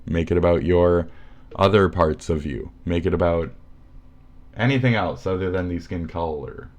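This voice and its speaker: A man chatting casually as co-host, slow and low-key, with frequent swearing. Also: darkish tone, dull audio. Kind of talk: casual chat.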